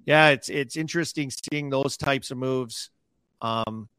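A man's voice: mid-range voice, unhurried, pushed and bright, clear, resonant tone, no echo. A man, a former hockey player, chatting casually as a podcast guest, laughing as he tells stories.

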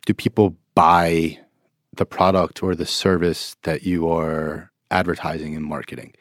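A man's voice: deep voice, flat delivery, unhurried, no echo, clean studio sound. A man, a trade journalist guest, talking in a hesitant, self-deprecating way in a casual business chat.

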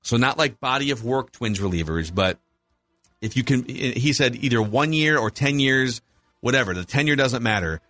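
A man's voice: mid-range voice, expressive, moderate pace, pushed and bright, dry recording, soft background music. A man in his forties with a Minnesota accent, hosting a casual sports podcast and eagerly running through rankings. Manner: enthusiastic, lists rankings. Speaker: podcast host.

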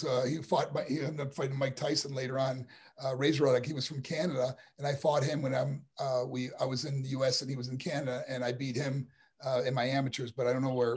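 A man's voice: mid-range voice, fairly quick, husky. A middle-aged man, a former wrestler and boxer, telling rambling stories in a casual interview. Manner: rambling, animated storytelling with restarts.

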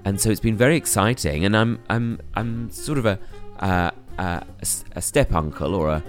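A middle-aged English man co-hosting a podcast in casual chat, talking haltingly with many restarts. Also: on the low side, animated, faint music behind. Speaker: podcast co-host.

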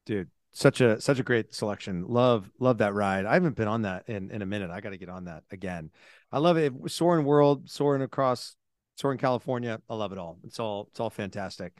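A man's voice: lowish voice, brisk, no room sound, clean studio sound. Upbeat man co-hosting a podcast. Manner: enthusiastic and upbeat. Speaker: podcast co-host. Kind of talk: casual chat.

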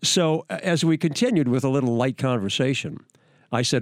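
An older man telling stories on his podcast, his pitch swinging widely as he gets excited. He talks enthusiastically with many restarts, recorded close and dry in a studio. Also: fairly quick, gravelly, dry recording. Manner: animated, enthusiastic storyteller with frequent restarts. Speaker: host, veteran news anchor. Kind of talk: podcast storytelling.

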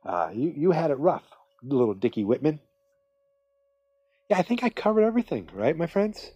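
A man's voice: a little high, big pitch swings, normal speed, mellow, breathy edge, dry recording, lo-fi sound. A man hosting a podcast, recapping a television episode in a rambling, conversational way, with many restarts. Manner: rambling, self-interrupting, conversational. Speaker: podcast host.

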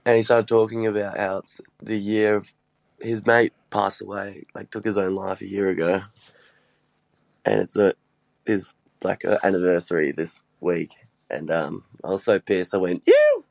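A man's voice: low-pitched, little pitch movement, moderate pace, creaky, no echo. A man telling an embarrassing story in a voice message, rambling and swearing. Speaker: listener sending a voice message.

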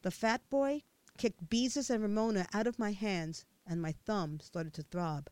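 A woman narrating a first-person memoir as an expressive audiobook reader with a childlike viewpoint. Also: mid-range voice, unhurried, clear, resonant tone, no room sound.

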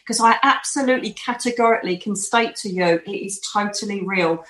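A woman, a medium telling stories with animated emphasis as an interview guest. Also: medium pitch, fairly quick, roomy sound, low-quality recording. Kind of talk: casual storytelling in an interview.

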